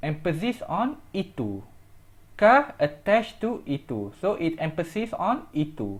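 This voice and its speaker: A language teacher talking through a recorded lesson at an unhurried pace. The pitch rises and falls a lot while explaining. The English is simple, with small grammar slips, and each example phrase is repeated. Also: sing-song.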